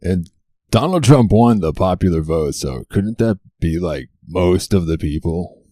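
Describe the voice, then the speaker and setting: A man with a low, dark voice riffs through a sarcastic comedy monologue as the show's host. He leans on rhetorical questions and unhurried timing. The sound is dry and close. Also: expressive, no echo. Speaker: comedy talk show host. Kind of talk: stand-up style topical monologue.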